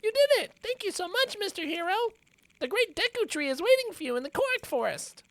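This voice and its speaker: Tiny game forest sprite, very high, excitable, bouncing intonation. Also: male voice, a little fast, dry recording, exaggerated voice. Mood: overjoyed. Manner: squeaky and excited. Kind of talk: reading game dialogue aloud.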